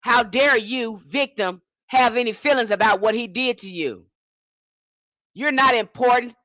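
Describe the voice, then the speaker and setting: A woman's voice: on the high side, unhurried, a bit bright, no room sound, pitched above the performer's own voice. A woman mimicking a contemptuous, taunting abuser who mocks a victim. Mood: mocking. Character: scornful dismissive abuser mocking a victim.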